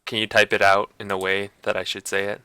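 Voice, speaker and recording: A man's voice: lowish voice, monotone, fast, sharp tone, smooth, dry recording. A man streaming live, chatting casually in a hesitant, self-conscious way and laughing at himself. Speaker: livestreamer.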